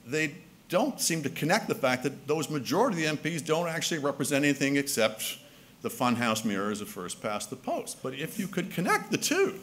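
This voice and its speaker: A man's voice: fairly high pitch, sing-song, brisk, fairly bright tone. A man from Canada giving a keynote speech at a conference, talking in a wry, conversational way with frequent restarts. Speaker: keynote speaker. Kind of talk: public speech. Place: conference hall.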